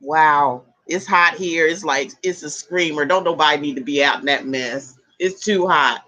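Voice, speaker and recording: Her voice is low, pushed and bright, moving at a normal speed. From an indoor room with an air conditioner and fans going, the tarot reader chats casually on her livestream, laughs frequently and welcomes viewers by name.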